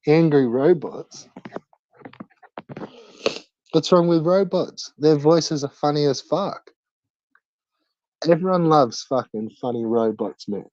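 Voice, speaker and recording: Slow, foul-mouthed man. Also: on the high side, a little mellow, no room sound, muffled recording. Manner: crude, swears constantly, laid-back slangy banter. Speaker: livestream host. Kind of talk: casual livestream chat.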